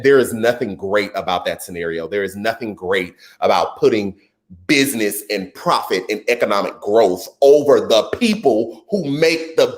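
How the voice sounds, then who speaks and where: A man hosting a live stream, reading viewers' comments and giving casual political commentary in an animated, excitable way that jumps into a high voice.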